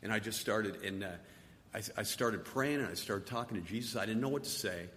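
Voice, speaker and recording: A middle-aged man giving a personal testimony, halting and soft-spoken, often repeating his words. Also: on the low side. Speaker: testimony speaker. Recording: long hall reverb, faint noise.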